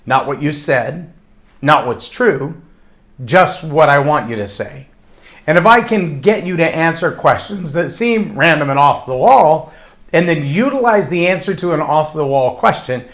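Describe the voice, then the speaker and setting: Male podcast host, fairly high voice, emphatic delivery, acts out sample answers. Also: animated, measured pace, a bit bright. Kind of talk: short leadership talk to camera.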